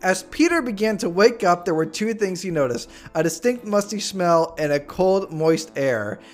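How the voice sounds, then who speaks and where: Excitable young male streamer reading stories. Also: sits high, normal speed, faint music behind. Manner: jokey, excitable asides. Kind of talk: reading viewer stories aloud on a live stream.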